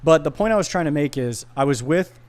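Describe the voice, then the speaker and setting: A man speaking as a podcast guest in casual chat, an animated storyteller who slips into voices when he quotes people. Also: fairly high pitch, fairly quick.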